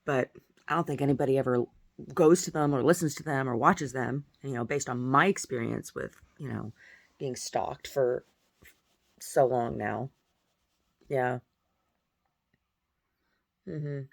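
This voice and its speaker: A woman, a painter and poet, chatting casually and at length, rambling softly with many restarts. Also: rumbling low, unhurried, gravelly, pauses often, dry recording. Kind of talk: casual monologue.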